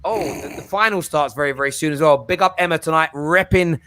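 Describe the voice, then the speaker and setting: A man hosting a live football chat show, talking in quick, animated, argumentative banter. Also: fairly high pitch, noisy background. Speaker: show host.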